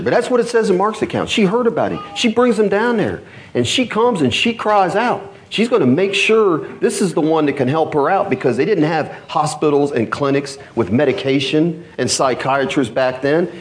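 A man preaching a sermon, telling a Bible story in an animated way, swinging from loud to hushed. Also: on the high side. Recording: church service recording.

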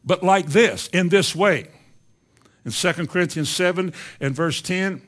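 A man preaching a sermon, swinging between loud, emphatic lines and quiet, low asides. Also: a little slow. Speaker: pastor.

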